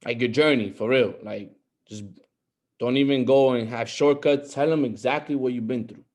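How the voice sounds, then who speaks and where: This young man has a mid-range, darkish voice with fairly even intonation, speaking at normal speed. On a group call, he gives an earnest, repetitive motivational talk that rises to emphasis.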